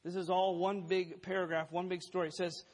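A man's voice: sits high, flat delivery, brisk. A man preaching a sermon in an emphatic way, laying out numbered points and quoting scripture aloud.

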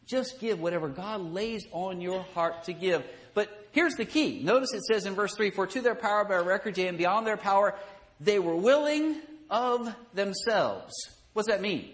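A middle-aged man preaches a Sunday school lesson with a notably high voice. His delivery is folksy and conversational, rising in emphasis on key points and chuckling at his own asides. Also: animated, normal speed, a bit bright. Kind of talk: sermon.

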